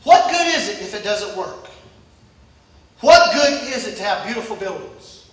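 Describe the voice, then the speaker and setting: A pastor preaching a Sunday sermon with emphasis, repeating phrases and building up to shouts. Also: mid-range voice, sing-song, normal speed. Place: church service. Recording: echoey church from far off.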